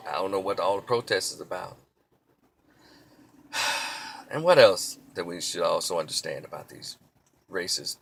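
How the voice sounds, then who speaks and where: Heated, preachy man with a bright voice. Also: vocal fry. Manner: heated, preachy, mocks quoted cops in a shrill yell. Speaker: commentator. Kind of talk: impassioned opinion monologue.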